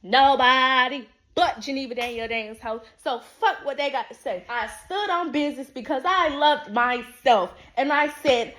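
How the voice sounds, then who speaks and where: A brash woman who talks in a loud, sassy, profane stream. Her voice sits a little high, and she hammers each point home with emphatic repeats. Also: normal speed, hardly any pauses. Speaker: podcast host. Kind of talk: unscripted motivational monologue.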